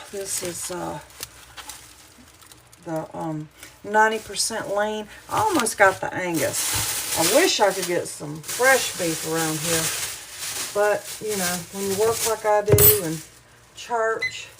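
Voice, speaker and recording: Speaking slowly with lively intonation, a Southern American woman in middle age rambles homily to her livestream audience while cooking at home in her kitchen. Hay fever leaves her a bit wheezy, her pitch is medium, and there's background noise.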